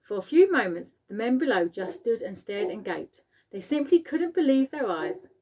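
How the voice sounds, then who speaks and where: A woman, a teacher, reading a children's book aloud with expressive storytelling. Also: medium pitch, moderate pace.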